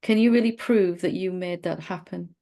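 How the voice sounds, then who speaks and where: Her voice is lowish and gravelly, moving at a moderate pace. She is a middle-aged spiritual teacher leading a satsang dialogue, gentle and playful, now and then teasing.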